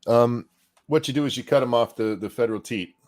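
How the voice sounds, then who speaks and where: A man's voice: mid-range voice, brisk, a little mellow. A man co-hosting a casual reaction show, talking bluntly and with plenty of profanity. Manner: blunt, profane ranting with put-on voices. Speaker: co-host reacting to a debate.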